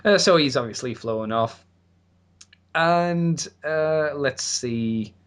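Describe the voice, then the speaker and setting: A man's voice: fairly high pitch, slow pace, clear, resonant tone. A young man hosting a casual podcast, recapping an episode in a rambling, laughing way with the odd swear. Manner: rambling, laughing, swearing, with put-on voices for quotes.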